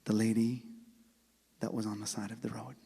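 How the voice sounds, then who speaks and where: Guy preaching in a big echoey hall, husky voice, goes loud then drops to a whisper. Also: on the low side, flat delivery, fast. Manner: swings from loud calls to hushed near-whispers; acts out both sides of a story. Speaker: speaker at an Islamic center. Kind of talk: religious talk with storytelling. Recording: long hall reverb.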